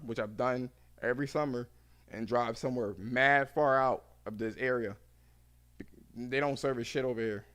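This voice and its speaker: A man hosting a podcast who rambles through casual chat and swears freely. He talks at a mid pitch and laughs often. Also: fairly bright tone. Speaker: podcast host.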